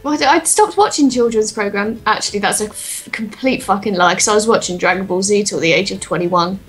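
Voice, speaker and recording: A woman's voice: mid-range voice, brisk, breathy edge, faint music behind. A woman from England with an English accent, co-hosting a casual let's-play in a dry, teasing, sarcastic way. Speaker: co-host.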